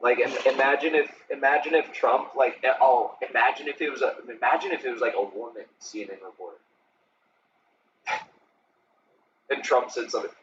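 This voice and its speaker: Profane, animated male streamer. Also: mid-range voice, moderate pace. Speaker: streamer reacting to news. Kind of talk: casual live-stream commentary. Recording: distant, dull lo-fi sound with faint hiss.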